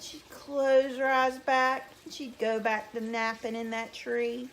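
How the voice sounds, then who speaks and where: A teacher reading a folk tale aloud to young children, animated and drawn out. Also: female voice, fairly high pitch, slow pace, hardly any pauses.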